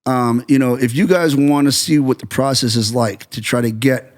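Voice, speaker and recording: A man's voice: mid-range voice, moderate pace. A middle-aged American man, a guest on a casual podcast interview, telling stories animatedly and acting out what others said. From United States. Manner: animated storyteller who acts out quoted remarks.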